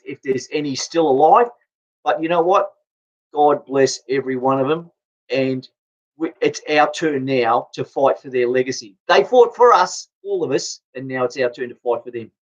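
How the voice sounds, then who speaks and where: Angry Australian man ranting, lo-fi. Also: on the high side. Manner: blunt, swearing, stumbling restarts. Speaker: political vlogger. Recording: dull lo-fi recording.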